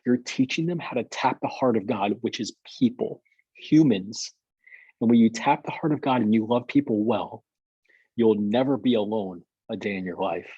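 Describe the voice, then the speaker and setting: Male pastor, storytelling, repeats himself. Husky, mellow tone, muffled dry call audio. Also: fairly low pitch, moderate pace, no echo. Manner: rambling, repeats words and restarts. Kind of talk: storytelling in a video call interview.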